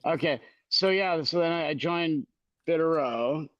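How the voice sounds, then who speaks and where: A man's voice: a little high, measured pace, a bit bright, no room sound. A man who is a guest musician on a podcast, chatting in a laid-back way and saying "dude" all the time. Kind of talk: casual podcast chat. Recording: dull, lo-fi, dry sound.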